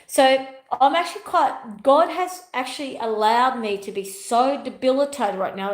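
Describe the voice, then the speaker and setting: A woman's voice: high-pitched, moderate pace. A woman giving a spiritual motivational talk as a teacher at home, speaking emphatically and repeating her key phrases. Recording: roomy echo.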